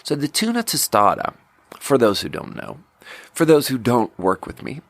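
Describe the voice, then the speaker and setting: A man hosting a podcast, telling a long story about his restaurant work in a casual, animated way with lots of filler words. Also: normal speed, no echo. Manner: animated, acts out quoted voices with big pitch jumps; frequent fillers like "like" and "you know". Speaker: podcast host; restaurant server.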